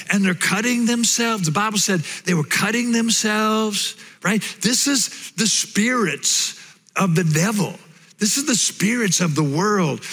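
A pastor preaching a sermon, telling a Bible story in an animated way and putting on playful voices for the characters. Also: male voice, sits high, slightly rough, long reverb tail.

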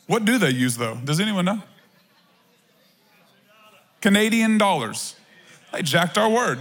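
A man's voice: sits high, very animated, moderate pace, long pauses, a bit bright. A man preaching a sermon as pastor, in a conversational, playful way with asides. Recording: long hall reverb.

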